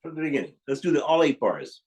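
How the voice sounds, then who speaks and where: Fast and sing-song, his slightly high voice carries through a piano lesson for a young student, where he encourages and demonstrates phrases as he goes. This masterclass coaching takes place in a room with a piano playing, and the poor audio has the piano loud over him.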